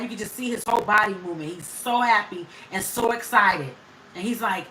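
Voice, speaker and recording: A woman's voice: medium pitch, lively intonation, moderate pace, pushed and bright, a little hiss or hum. A woman hosting a casual live stream, chatting with viewers, greeting them by name and laughing often. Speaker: livestream host. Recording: echoey room, voice from off the mic.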